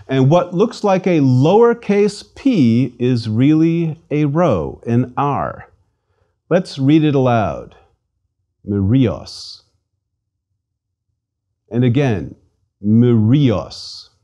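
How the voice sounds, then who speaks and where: A man teaching a scripted lesson at an unhurried pace, spelling words letter by letter and pausing for listeners to repeat. His voice is mellow and rises and falls in a lively way. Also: mid-range voice, highs cut off. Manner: slow, patient, enunciates each letter and syllable. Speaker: language instructor.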